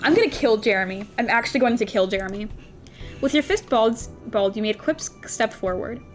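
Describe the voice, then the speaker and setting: A woman's voice: a little high, expressive, quick pace, faint music behind. A young woman playing a story game, reading it aloud with giggly, playful commentary as the host. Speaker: gamer streamer.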